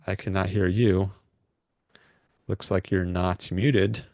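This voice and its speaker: A man's voice: low voice, little pitch movement, takes it slowly, a little mellow, no room sound, clean studio sound. A man hosting a call-in livestream, rambling and hesitant with lots of fillers. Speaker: livestream host taking calls. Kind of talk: casual livestream chat.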